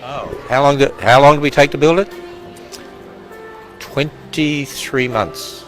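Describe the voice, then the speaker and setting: Australian man in his 60s, casual tour host, joking with visitors, even mid pitch, light music under. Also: slow, low-quality recording. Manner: chatty, jokey, laughs often. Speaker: ministry president giving a tour. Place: walking through a building and outdoors.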